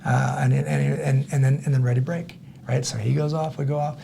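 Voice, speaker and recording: His medium-pitched voice is gravelly and brisk, set against a noisy background. As a middle-aged podcast guest, he animatedly relates a story, impersonating other people and frequently restarting and repeating words.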